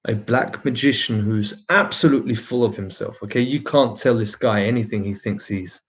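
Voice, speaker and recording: A man's voice: lowish voice, normal speed, few pauses. A man co-hosting a spiritual channel, telling a story in an emphatic, scornful way in casual talk. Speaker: channel co-host.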